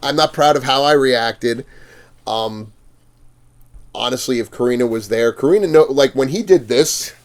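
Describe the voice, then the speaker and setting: A man's voice: medium pitch, moderate pace. A man, a podcast guest, telling stories in a casual way, swearing freely and laughing as he acts out the other people in them. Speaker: podcast guest, fang maker. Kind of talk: casual storytelling. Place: podcast studio.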